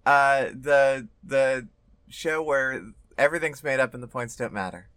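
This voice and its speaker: A podcast co-host in casual banter, teasing with animated mock outrage. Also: mid-range voice, measured pace, no echo, clean studio sound.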